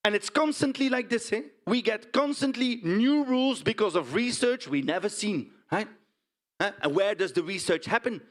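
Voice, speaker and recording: An actor with a Dutch accent plays a blunt, indignant pig farmer in a stage monologue, often tagging lines with "huh?" and "right?". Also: male voice, high voice, moderate pace. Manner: blunt, animated storytelling with frequent "huh?" and "right?" tags. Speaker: stage performer. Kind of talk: theatrical monologue.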